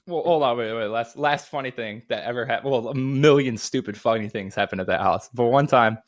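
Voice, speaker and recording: A man's voice: medium pitch, brisk. A man in his thirties, a podcast co-host telling casual, profane, rambling anecdotes. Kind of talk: casual storytelling chat.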